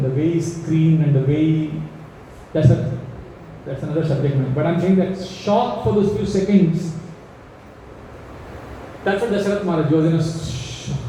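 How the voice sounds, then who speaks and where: A man's voice: on the high side, moderate pace, long pauses, warm tone, slight background noise. Man telling scripture in an echoey hall. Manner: acts out the king's pleas in a raised voice; asks the audience questions. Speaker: temple speaker telling scripture. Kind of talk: storytelling discourse to a seated audience. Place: temple hall. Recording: echoey hall, mic at a distance.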